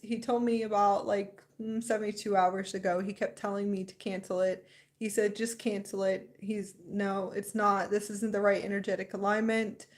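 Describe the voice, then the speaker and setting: A young woman talks off the cuff on a spiritual livestream, rambling and excited. She laughs often as she chats, in a voice of ordinary pitch. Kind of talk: casual livestream chat.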